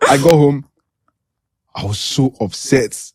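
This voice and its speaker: A young Nigerian man hosting a podcast, telling a story in lively casual chat and laughing often. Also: medium pitch, slow pace, breathy edge, dry recording, studio quality. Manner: animated, laughs often while telling stories. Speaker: podcast host.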